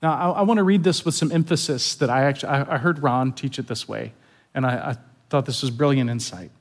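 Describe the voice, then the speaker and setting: A man's voice: medium pitch, brisk. A man pastor giving a sermon in an earnest, confessional way, often repeating words as he stresses a point.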